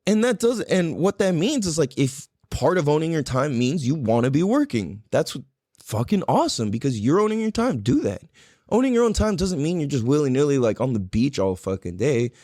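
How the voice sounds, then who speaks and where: Animated, swearing young male podcast host. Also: no echo, clean studio sound. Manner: animated storytelling, heavy swearing, voice jumps high when quoting himself. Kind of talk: casual chat.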